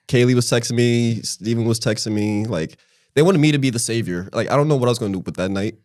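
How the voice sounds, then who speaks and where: A man's voice: mid-range voice, quick pace, darkish tone, no echo, studio quality. A man around thirty, chatting as a podcast guest in a laid-back, joking way. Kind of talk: casual podcast chat.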